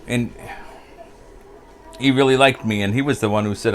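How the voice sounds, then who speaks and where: An older American vlogger tells pub stories in a rambling, casual chat, chuckling and losing track of names. His voice is mid-range with fairly even intonation at a moderate pace, with a little hiss or hum on the recording.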